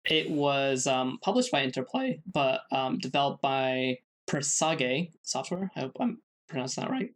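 A man of middle pitch co-hosting a casual podcast. He presents his researched segment in a halting way, leaning on fillers and restarting sentences. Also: expressive, fairly bright tone. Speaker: podcast co-host.

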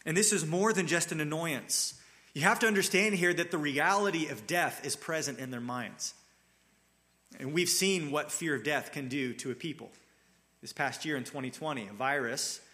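A man's voice: fairly high pitch, bright, forceful tone. A man preaching a sermon, telling the scripture story in an earnest, dramatic way. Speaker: pastor.

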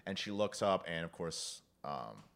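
A man chatting casually about films, telling animated stories and acting out the characters' lines. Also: low-pitched, measured pace, gravelly. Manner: animated storytelling, acts out quoted lines, laughs often. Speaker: podcast guest discussing film. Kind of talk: casual chat.

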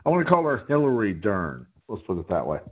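A man guest telling a rambling story in a profane, animated way during a casual chat. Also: on the low side, fast, slightly rough. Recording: phone-like line.

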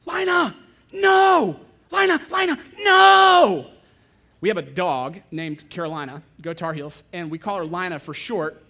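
A young adult man, a pastor, preaching a sermon and telling a story with lively, animated delivery. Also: on the high side. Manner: animated storytelling, acting out other voices.

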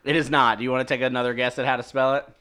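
A man's voice: mid-range voice, level tone, rapid-fire, bright, forceful tone, clear, resonant tone. A man hosting a podcast, playfully running a timed quiz game in casual chat.

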